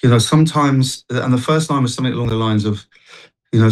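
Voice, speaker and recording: A man's voice: mid-range voice, fast talker, low-quality recording. Man guest, street worship singer; earnest, rambling storyteller, mid-range voice. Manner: earnest, rambling, many restarts. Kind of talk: telling a personal story in a TV interview.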